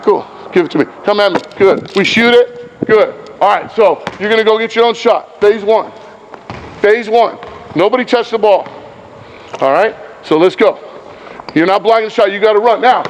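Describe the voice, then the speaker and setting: A man's voice: sits high, slight background noise, rough recording. A man coaching players through basketball drills on an indoor court, calling out short repeated commands and explaining points to other coaches. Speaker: basketball coach running a clinic.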